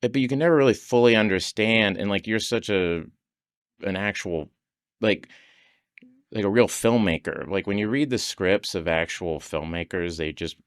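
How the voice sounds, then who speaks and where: A man's voice: on the low side, normal speed, smooth, no echo, studio quality. A man on a podcast telling stories in casual conversation, laughing often and acting out the voices of people he quotes. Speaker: podcast guest.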